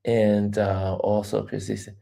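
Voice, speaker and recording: Speaking at a measured pace with a lowish voice and vocal fry, a man runs a loose, casual live chat stream. He's animated, laughs frequently and reads viewers' comments aloud.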